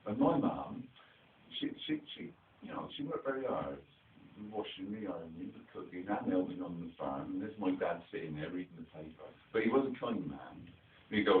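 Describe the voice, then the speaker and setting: Low-voiced man with a rural English dialect, a playful children's theatre entertainer, recorded distant and phone-like. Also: very animated, brisk, echoey room, a little hiss or hum. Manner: chatty, playful, quizzes the children. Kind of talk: storytelling to a young audience.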